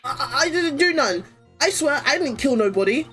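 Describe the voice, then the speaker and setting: A woman's voice: high-pitched, lively intonation, normal speed, fairly bright tone, faint music behind, pitched above the performer's own voice. A woman voicing a jittery young male death-row escapee who stammers and keeps apologizing. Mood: pleading. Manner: stammering, pleading, over-apologetic.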